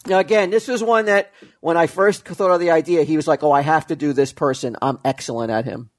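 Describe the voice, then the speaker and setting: A man's voice: on the high side, a little fast. A man hosting an impressions guessing game on a podcast, playful and teasing. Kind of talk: casual podcast banter.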